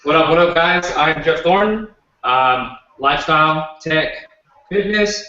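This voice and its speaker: A man's voice: a little high, animated, unhurried, pushed and bright. Upbeat man, echoey and far from mic. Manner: upbeat, laid-back slang. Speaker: guest. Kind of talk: casual chat on a video call. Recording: echoey distant call audio, lo-fi.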